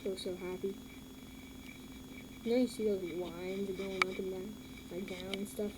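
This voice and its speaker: A woman hosting a casual reaction video, mocking what she watches, repeating herself and filling pauses with lots of ums. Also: medium pitch, steady tone. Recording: loud background noise.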